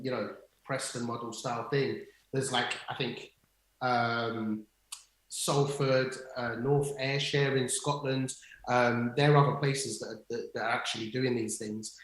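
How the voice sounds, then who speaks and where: A middle-aged man, co-hosting a casual online talk show. He tells stories eagerly, restarting sentences and filling gaps with "um" and "like". His voice sits in a mid pitch and rings in a reverberant room. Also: a bit bright. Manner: enthusiastic storytelling with many fillers and restarts. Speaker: co-host. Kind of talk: casual livestream chat. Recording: echoey room.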